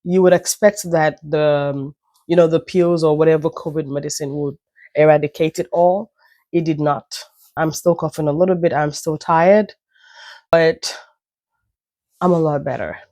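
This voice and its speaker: A woman's voice: deep voice, steady tone, moderate pace, dark tone, no echo, clean studio sound. A woman telling a chatty, meandering story at home, her nose stuffy and breaking into an occasional cough. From Nigeria. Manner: chatty, self-deprecating, meandering asides. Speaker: vlogger. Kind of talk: casual storytelling vlog.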